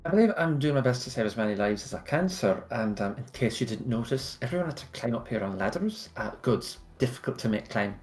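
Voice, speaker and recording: Calm man playing in an echoey room. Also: mid-range voice, fast talker, hardly any pauses, soft background music. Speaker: player. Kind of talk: in-character tabletop play. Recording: roomy echo.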